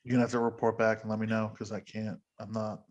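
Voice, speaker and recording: A man's voice: on the low side, flat delivery, quick pace, highs cut off. A man hosting a podcast in casual chat, rambling and self-deprecating, laughing often. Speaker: podcast host.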